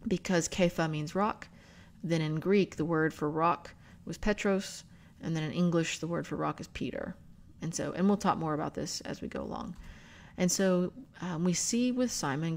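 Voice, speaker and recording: A woman hosting a book club video, explaining scripture and spelling out words in an unhurried teaching manner. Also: lowish voice, a little mellow. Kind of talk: bible study teaching.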